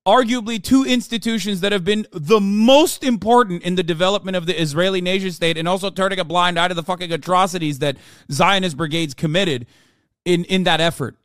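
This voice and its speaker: A man streaming live, reacting to a clip with sarcastic, profane commentary that often erupts into shouted rants. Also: high voice, a little fast, dry recording, clean studio sound.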